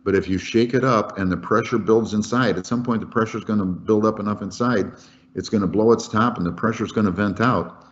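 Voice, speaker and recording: Deep-voiced man giving a folksy lecture. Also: steady tone, a little fast. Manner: folksy, conversational, repeats key points for emphasis. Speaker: workplace safety trainer. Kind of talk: webinar lecture. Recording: dull lo-fi webinar audio.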